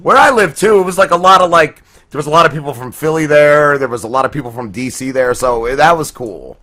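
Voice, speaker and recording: A radio show host with a New Jersey accent, bantering loosely and swearing. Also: male voice, fairly high pitch, quick pace, sharp tone. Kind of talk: casual chat.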